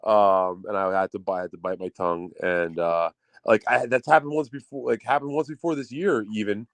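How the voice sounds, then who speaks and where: A man's voice: lowish voice, fairly even intonation, brisk, no echo. A man telling rambling stories on a casual podcast, swearing freely and acting out what people said. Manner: rambling storyteller, swears freely, acts out quotes. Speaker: podcast co-host. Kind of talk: casual chat.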